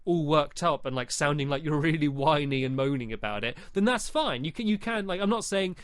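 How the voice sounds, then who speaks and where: A man's voice: on the high side, lively intonation, brisk, clean tone, dry recording. A man hosting a podcast, giving casual advice in a chatty, rambling way full of fillers. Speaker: podcast host.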